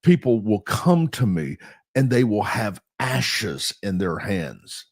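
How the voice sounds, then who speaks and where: A middle-aged man with a low voice, preaching on his podcast with punchy emphasis. His delivery swings from fired up to soft and confiding. The sound is close and dry. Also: slow pace, no echo. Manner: emphatic, animated, laughs at himself. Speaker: pastor and podcast host. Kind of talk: sermon-like podcast talk.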